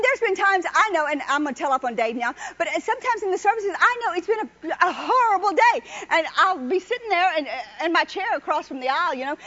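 High-voiced woman preaching folksily. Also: fairly bright tone. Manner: chatty, exhorting, laughs often. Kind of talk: folksy sermon with personal stories. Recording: dull lo-fi recording.

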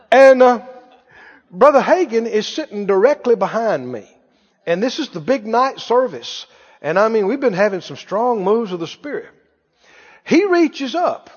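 A male pastor delivering a sermon in a high, very lively voice, telling stories in a folksy way. The recording is dull and carries a long reverb from a large hall. He swings his pitch widely. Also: breathy edge. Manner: animated, folksy storytelling. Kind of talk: sermon with storytelling.

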